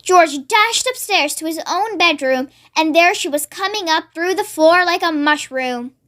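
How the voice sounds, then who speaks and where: Very high-voiced storybook narrator. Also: animated, a little slow, pushed and bright. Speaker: read-along narrator. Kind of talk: storybook read-aloud.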